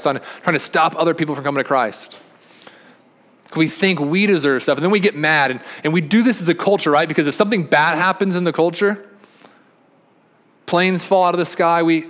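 A man preaching a sermon as pastor, earnest, often repeating and restarting phrases, swinging from emphatic peaks to quiet, soft statements. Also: fairly high pitch.

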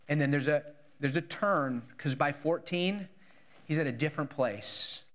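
Earnest male preacher with a higher voice. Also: measured pace. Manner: earnest preaching, dropping soft and low when reading prayers, rising for emphasis. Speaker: pastor. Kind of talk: sermon.

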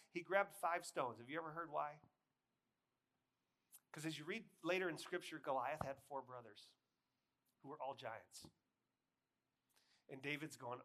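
A man preaching a sermon, telling a story with lively shifts between loud acted-out lines and quiet appeals. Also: a little high, a little slow, long pauses. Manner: animated storytelling, acting out voices, swings from loud to hushed. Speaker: pastor.

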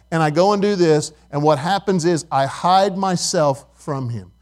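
Here a middle-aged man gives a sermon as a pastor, his voice fairly high and his pace normal with few pauses. He chats with the congregation, asking them questions and weaving in stories.

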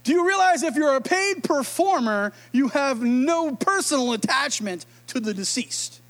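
A man's voice: very high voice, lively intonation, moderate pace, a bit bright. A man preaching a sermon in a humorous, conversational way, acting out quotes. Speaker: pastor.

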